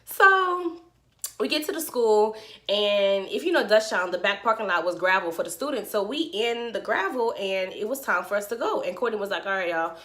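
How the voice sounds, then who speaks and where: Bright, animated young woman vlogger. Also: medium pitch, moderate pace. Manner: animated, slangy storytelling to viewers. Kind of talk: storytime vlog.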